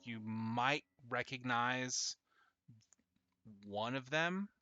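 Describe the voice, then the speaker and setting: A man narrating as dungeon master in a casual, rambling way full of fillers, with sudden loud bursts. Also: medium pitch, extremely slow, dry recording, highs cut off. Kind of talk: narrating a tabletop game on stream.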